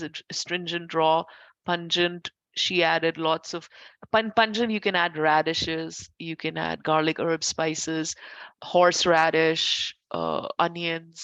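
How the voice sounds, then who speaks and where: A lowish-voiced woman teaches Ayurveda informally, with no echo in the audio. Chatty by nature, she corrects herself mid-sentence again and again and shares warm asides with her students.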